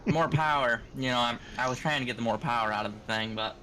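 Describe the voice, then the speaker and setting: A young man interviewed after a sim race, relaxed and joking, with plenty of fillers. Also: mid-range voice, fast, a little hiss or hum. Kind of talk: casual post-race interview.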